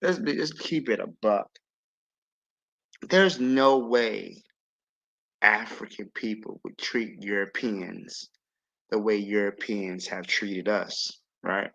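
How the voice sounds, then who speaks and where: A man's voice: lowish voice, takes it slowly, gravelly, fairly bright tone, poor audio. A man on a podcast livestream, talking earnestly and lecturing as he builds his argument with asides. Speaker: livestream panelist. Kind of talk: casual podcast discussion.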